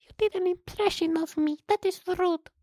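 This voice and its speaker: A man voicing a squeaky fan with a made-up foreign accent in a high falsetto. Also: steady tone, normal speed, a little mellow, no echo, clean studio sound. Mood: offended.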